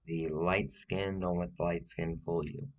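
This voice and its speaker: A man playing a rambling self-styled witch woman who is confidently wrong. He hesitates with many fillers and keeps pressing with "okay?" in a deadpan comedic monologue. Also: deep voice, measured pace, rough recording. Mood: self-assured. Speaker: witch giving a tutorial.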